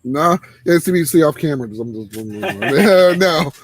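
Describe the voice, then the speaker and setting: A man's voice: animated, unhurried, slightly rough. Laid-back man hosting a show. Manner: laid-back, laughing, trails off into low murmurs. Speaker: host of a live cigar show. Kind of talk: casual live-stream chat.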